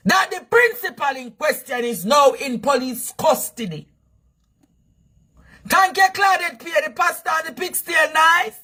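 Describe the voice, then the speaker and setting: A Jamaican man hosting news commentary, shouting and repeating phrases for emphasis in a fiery rant. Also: extremely high pitch.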